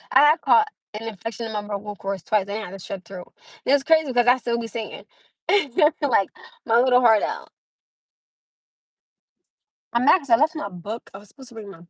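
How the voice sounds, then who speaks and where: A woman's voice: on the high side, lively intonation, normal speed, no room sound. A young woman hosting a casual livestream, chatting with viewers, laughing often and greeting them by name. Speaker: livestream host.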